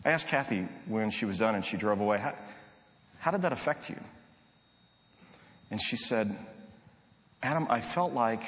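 A middle-aged man preaching a sermon, telling a story in an earnest, conversational way with frequent restarts. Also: mid-range voice. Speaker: pastor. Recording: long reverb of a large hall.

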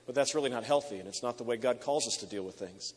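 A male preacher delivers an emotive sermon, piling up repeated phrases as he tells the story. His voice sits at an ordinary middle pitch, and long reverb trails off the walls of a large hall. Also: fast talker, husky.

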